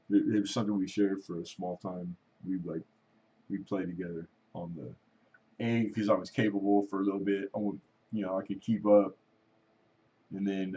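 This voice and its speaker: Lo-fi sound captures a middle-aged man's low, warm voice as he hosts an easygoing chat. Rambling through his anecdotes, he imitates what others said and often breaks into laughter.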